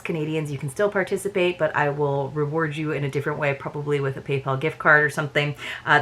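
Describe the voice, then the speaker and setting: A chatty woman hosts an unboxing vlog in a casual, friendly ramble, often pausing on "uh" as she goes. Her voice sits a little low for a woman. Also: fairly bright tone. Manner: chatty, with frequent "uh" fillers. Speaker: unboxing channel host.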